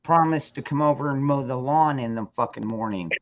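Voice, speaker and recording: A man's voice: medium pitch, a little fast. A man chatting casually in an easygoing, profane way. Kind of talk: casual chat. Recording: muffled lo-fi audio.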